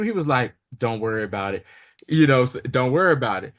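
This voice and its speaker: Medium-pitched and fast, this co-host goes over a TV episode in casual podcast chat. He stays animated, performing the characters' lines as he retells events.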